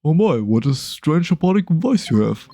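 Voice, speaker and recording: Man doing an excitable old judge, mellow voice, flustered, game voice. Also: a little high, moderate pace. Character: flustered elderly male judge. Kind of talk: casual game dialogue reading.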